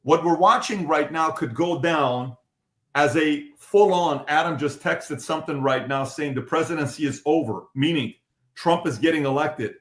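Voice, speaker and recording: A man's voice: on the high side, moderate pace, a bit bright, echoey room. A man hosting a podcast panel, talking urgently and emphatically as he leads the discussion. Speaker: podcast host.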